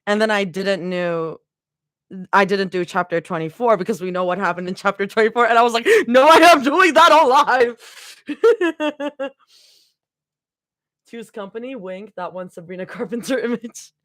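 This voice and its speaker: A woman's voice: mid-range voice, moderate pace, pauses often, a bit bright, dry recording, studio quality. A young woman chatting casually with her livestream audience, giggling often and rambling between thoughts. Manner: giggly and rambling, talks to chat. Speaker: livestream fanfiction reader.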